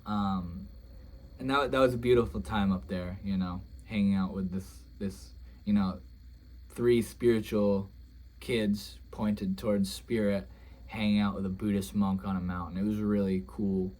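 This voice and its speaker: Young man, casual storytelling, lowish voice, rambling, dreamy and emotional. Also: steady tone, unhurried, a little mellow. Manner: rambling, dreamy, emotional, full of "like" and "you know". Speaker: vlogger.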